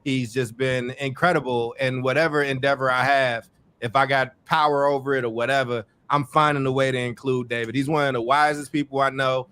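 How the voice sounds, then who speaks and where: A man hosting a podcast in casual chat, warm and effusive, often repeating and stumbling over words. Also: mid-range voice, fairly even intonation, brisk, clear, resonant tone. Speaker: podcast host.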